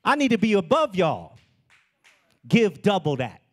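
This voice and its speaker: A man preaching a sermon as pastor of his church, with animated delivery that climbs into shouts. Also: high voice, measured pace. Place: church sanctuary.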